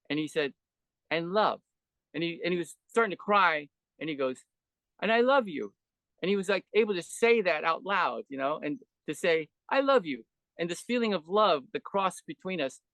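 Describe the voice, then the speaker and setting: An older man with a rather high voice speaks as a podcast guest, telling long reflective stories. He meanders, restarts his sentences and leans on fillers, and he turns animated and full of wonder when he recounts an experience. The sound is dry and close, with no room echo. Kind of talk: reflective conversational storytelling.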